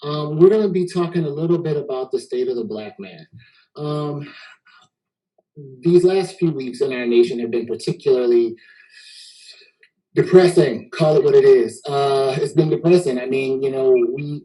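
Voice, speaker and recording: A man's voice: medium pitch, mellow, poor audio. A man from Texas hosting a casual panel discussion, easygoing and joking, often repeating words as he gets going. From Houston, Texas. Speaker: host.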